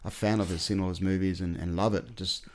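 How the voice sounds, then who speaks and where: A man's voice: deep voice, steady tone, fast talker, darkish tone. A man in casual podcast chat, rambling and enthusiastic, with many fillers and restarts.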